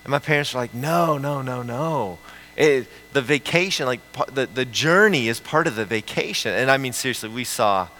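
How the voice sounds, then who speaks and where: Bright-voiced man preaching casually. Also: medium pitch, fairly quick, hardly any pauses, slight background noise, poor audio. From central United States. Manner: animated storytelling with frequent restarts and laughs. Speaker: pastor. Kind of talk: conversational sermon.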